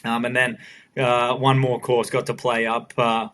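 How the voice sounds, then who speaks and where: Flat-toned Australian man chatting. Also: medium pitch, a little hiss or hum. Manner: halting, with many fillers and restarts. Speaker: podcast regular. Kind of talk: casual chat.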